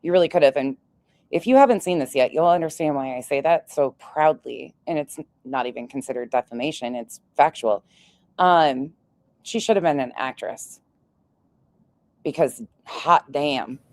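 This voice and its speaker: A woman's voice: low voice, moderate pace, a little mellow, no room sound. A woman giving casual commentary on online drama, sarcastic and profane as she rants.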